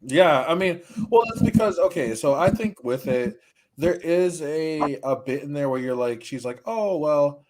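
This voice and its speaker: A man co-hosting a casual video chat, joking and animated, often acting out quotes. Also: fairly high pitch, normal speed, heavy background noise. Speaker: co-host of a ranking video.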